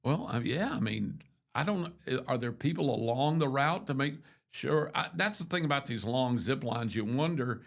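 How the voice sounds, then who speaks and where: An older man with a gravelly voice chats on a morning show. He wanders through his stories, restarting sentences and tossing in asides as he goes. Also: mid-range voice, animated, moderate pace. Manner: rambling storyteller with many restarts and asides. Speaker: radio show host. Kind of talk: casual morning show chat.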